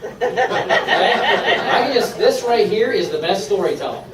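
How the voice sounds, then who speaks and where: Upbeat man pitching in an echoey room. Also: expressive, measured pace, recorded from a distance, crowd noise. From Maine, USA. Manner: upbeat, persuasive, laughs often. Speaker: presenter at a sales meeting. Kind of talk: sales pitch to a live room. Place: meeting room.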